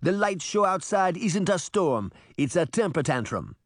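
A man's voice: high-pitched, sing-song, measured pace, no echo, studio quality, voice pushed up. A man doing a Caribbean-accented mirror man. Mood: wry. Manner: grumbling, easygoing. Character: grumbling dreadlocked man in a magic mirror.

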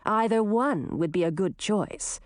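A woman's voice: mid-range voice, expressive, no room sound, clean studio sound, lightly acted. A woman voicing a composed queen who firmly scolds her two daughters. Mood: reproving. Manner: firm, measured.

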